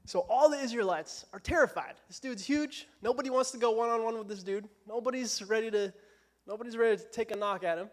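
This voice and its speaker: A young man with a notably high voice delivers a relaxed youth sermon in a church. He keeps it light, casual and self-deprecating, with plenty of jokes. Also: a little fast. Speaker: preacher.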